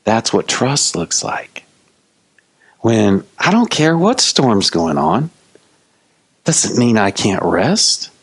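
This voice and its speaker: A man's voice: on the low side, sing-song, slow pace, long pauses, husky. A male pastor preaching a sermon in a casual, playful storytelling manner.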